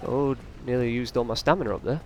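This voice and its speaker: A man's voice: medium pitch, fast, noisy background. A man doing casual, rambling let's play commentary, often taunting the enemies on screen. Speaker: gaming channel host.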